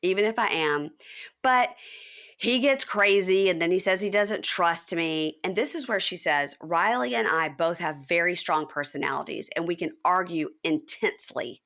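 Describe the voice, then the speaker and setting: A woman's voice: fairly low pitch, normal speed, fairly bright tone. A woman hosting a podcast, chatting casually and animatedly as she recaps a reality TV episode and acts out what people said. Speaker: podcast host.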